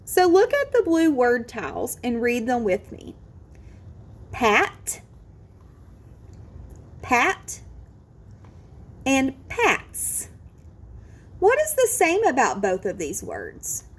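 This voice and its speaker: A woman with a fairly high, husky, darkish voice teaches children phonics, slowly modelling each word sound and encouraging the listener. Her pitch swings enormously as she speaks.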